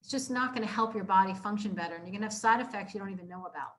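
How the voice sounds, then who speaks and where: In a community room, a young adult woman chiropractor gives an informal health talk to a live audience. She is casual and earnest, with a mid-range voice, and she repeats herself and fills pauses with "like" and "you know."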